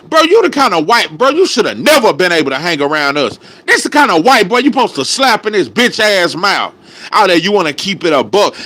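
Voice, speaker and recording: A man with a high, bright voice delivers a heated reaction rant. He swings widely up and down in pitch. His talk is angry, profane and packed with slang. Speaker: boxing reaction commentator.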